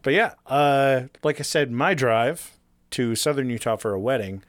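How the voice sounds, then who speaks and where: A young adult man co-hosting a casual podcast, telling a road trip story with lots of swearing and animated retelling. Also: medium pitch, normal speed, no room sound. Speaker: podcast co-host.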